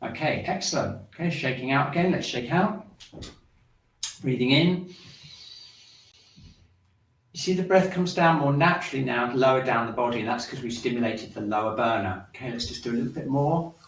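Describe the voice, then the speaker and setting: A man teaching a shiatsu breathing and movement class, guiding the listener calmly through each step. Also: medium pitch, normal speed, pauses often, a little hiss or hum. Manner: calm instructive, guiding along with the movements. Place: room in a shiatsu centre. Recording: roomy sound, mic at a distance.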